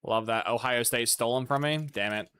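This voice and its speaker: A man's voice: medium pitch, a little fast, a bit bright, smooth. Profane, chatty male gaming streamer. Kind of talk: casual gameplay commentary.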